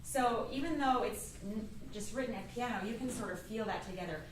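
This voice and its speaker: A woman's voice: fairly high pitch, a little fast, slight background noise. A woman coaching a string quartet in a masterclass, hesitant and thinking aloud. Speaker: masterclass teacher. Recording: echoey hall from far off.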